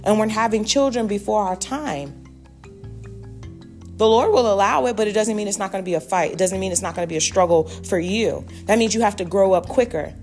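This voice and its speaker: A woman's voice: medium pitch, a little mellow. A woman speaking fervently as a Christian parenting speaker, teaching in a preacherly way. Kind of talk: spiritual teaching monologue.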